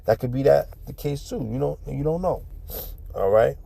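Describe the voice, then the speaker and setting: Blunt, profane street preacher man, mellow voice. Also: mid-range voice, lively intonation, normal speed, gravelly. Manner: reads verses then explains in slang. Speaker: street Bible teacher. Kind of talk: informal scripture teaching.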